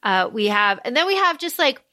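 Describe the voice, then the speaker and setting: A woman's voice: on the high side, big pitch swings, a little fast, bright, forceful tone. A woman co-hosting a podcast in casual book chat, animatedly acting out characters' lines. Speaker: podcast co-host.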